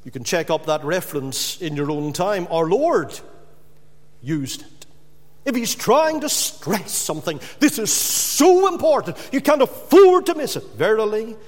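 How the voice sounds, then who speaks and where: A man preaching a sermon, emphatic and building to loud, repeated stresses, in a church or hall. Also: high-pitched, big pitch swings, measured pace. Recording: long hall reverb.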